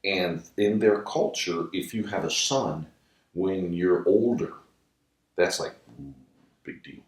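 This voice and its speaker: A man who works as a ventriloquist, telling a story in an interview in an animated way and laughing as he talks. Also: deep voice, slow. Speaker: ventriloquist guest. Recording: roomy room, distant mic.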